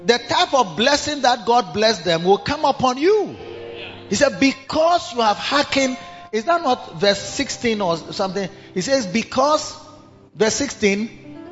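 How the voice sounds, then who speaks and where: A man's voice: high-pitched, fairly bright tone, in a large hall, dull audio. A man preaching a sermon as a pastor, dramatic and acting out the voices of others. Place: large church hall.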